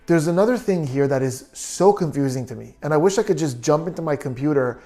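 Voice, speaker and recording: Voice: medium pitch, lively intonation, brisk, mellow. A body language analyst giving true crime video commentary, reasoning through details and asking many questions.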